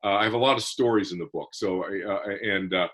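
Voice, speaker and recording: A man's voice: deep voice, quick pace, a bit bright. A man, an author being interviewed, explaining his ideas earnestly in casual conversation and often restarting his phrases.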